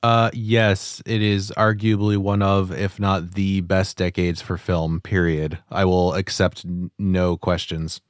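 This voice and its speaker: Low-voiced, easygoing male podcast co-host. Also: slow, few pauses, no room sound, studio quality. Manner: relaxed and easygoing, with hesitant restarts. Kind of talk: casual podcast chat.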